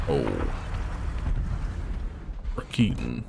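Excitable man narrating his gameplay. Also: mid-range voice, unhurried, noisy background. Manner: excitable, chatty, bursts into laughter. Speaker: gaming YouTuber. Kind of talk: live gameplay commentary.

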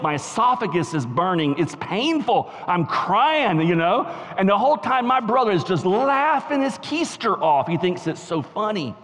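A middle-aged male pastor with a Southern US accent, preaching a lively storytelling sermon. His voice sits fairly high for a man and moves between soft, quiet asides and emphatic near-shouts. It rings with the long reverb of a church sanctuary.

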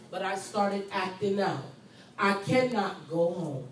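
Speaking slowly but with lively intonation, a medium-pitched female nursing instructor drives home her key points, repeating them and playing the patient in the first person. She's heard from a distance in a roomy space with faint ambience and a bit of background noise.

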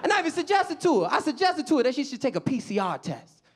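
A man's voice: very high voice, sing-song, fast, slight background noise. A young man from the south side of Chicago doing a stand-up comedy set on a club stage, acting out characters in funny voices. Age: young adult. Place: comedy club stage before a live audience.

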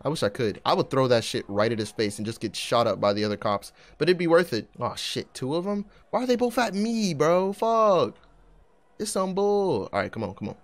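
A young man giving excitable, trash-talking commentary while playing a video game. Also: on the high side, a little fast. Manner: excitable, trash-talking, swings from mumbling to shouting. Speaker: gaming YouTuber. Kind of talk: gameplay commentary.

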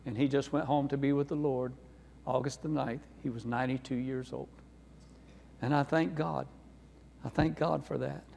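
A man's voice: mid-range voice, steady tone, normal speed, creaky, pauses often, slight background noise. A man, preaching as a guest speaker and telling a personal testimony in a folksy, earnest way. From North Carolina. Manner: folksy, earnest, warm storyteller. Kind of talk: sermon testimony storytelling. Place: church sanctuary. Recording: reverberant church sanctuary.

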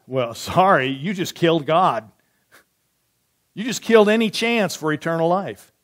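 A man with a slightly high voice preaches as pastor in a church. His scripture readings are slow and quiet, while in between he takes a conversational tone, putting questions to the room and responding to them.

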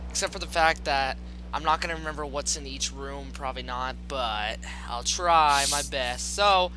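A man hosting casual gameplay commentary at home late at night, excitable, goofy and full of jokes. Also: mid-range voice, moderate pace, faint music behind, poor audio. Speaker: gaming host. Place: home gaming setup at night.

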